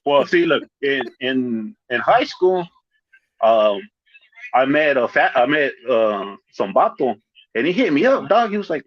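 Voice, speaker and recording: Chill guy talking slang, keeps saying dog, lively ups and downs, kinda dull lo-fi sound. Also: medium pitch, a little slow, no echo. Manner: laid-back slang, lots of "dog" and "fool"; storytelling with acted quotes. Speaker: podcast guest. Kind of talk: casual chat.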